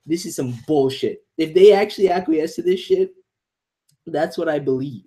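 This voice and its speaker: A man's voice: a little high, moderate pace. A man reacting live to a manga chapter, ranting heatedly, swearing and stammering over repeated words. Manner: reads panel lines aloud softly.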